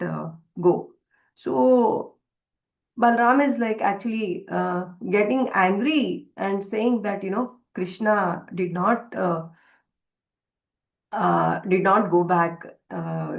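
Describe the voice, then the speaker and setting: A woman's voice: medium pitch, creaky, low-quality recording. A woman teaching a devotional scripture class. She retells a story hesitantly, with many fillers and restarts.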